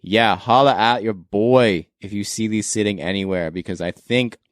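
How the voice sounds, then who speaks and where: Canadian guy, podcast host, lowish voice, loose and laughing, dry close mic. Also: normal speed, dry recording. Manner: relaxed, laughs often, enthusiastic about sneakers. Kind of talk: casual podcast chat.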